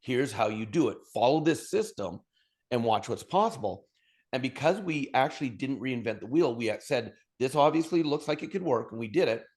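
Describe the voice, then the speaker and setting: A man from Alberta, a podcast guest telling his story with high energy and humor and acting out bits of dialogue. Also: lively intonation, moderate pace, a little mellow. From Alberta, Canada. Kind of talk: storytelling interview talk.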